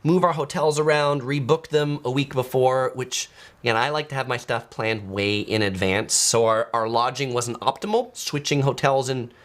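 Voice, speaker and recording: A man's voice: medium pitch, normal speed, a bit bright. A man chatting casually as a travel vlogger, full of fillers and restarts, reading out viewer comments as he goes. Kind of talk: casual live-stream chat.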